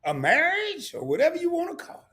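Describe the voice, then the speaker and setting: A middle-aged man hosting a casual live stream, talking to his chat in an animated way, laughing a lot and repeating words. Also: very high-pitched, a little fast.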